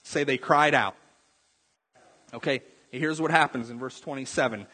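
Husky-voiced preacher in a reverberant hall. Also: male voice, medium pitch, moderate pace. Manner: animated preaching with sudden drops to quiet intensity; asks the congregation direct questions. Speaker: pastor. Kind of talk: sermon.

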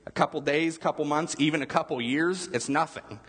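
A man's voice: fairly high pitch, moderate pace, hardly any pauses, fairly bright tone, breathy edge, big-room sound. A male pastor giving a conversational sermon, asking his listeners questions as he goes. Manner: conversational, asks the room questions.

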